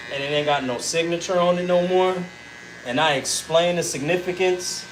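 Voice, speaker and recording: Animated, cussing man telling a story. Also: fairly high pitch, reverberant, a little hiss or hum, poor audio. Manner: animated, swears a lot, acts out his own shouting. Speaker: podcast host. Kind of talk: casual storytelling chat.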